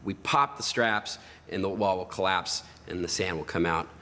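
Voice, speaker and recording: A man's voice: deep voice, moderate pace, bright, forceful tone, slight background noise. A man talking casually on location, practical and explaining a plan step by step. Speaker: show team member. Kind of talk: casual on-location planning talk. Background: background music.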